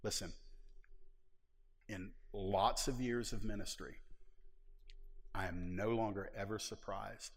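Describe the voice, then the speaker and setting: A man preaching a sermon as pastor, emphatic and folksy, moving between loud stressed lines and soft low passages. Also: fairly even intonation, slow pace, pauses often. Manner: emphatic, drawls folksy phrases. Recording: long hall reverb.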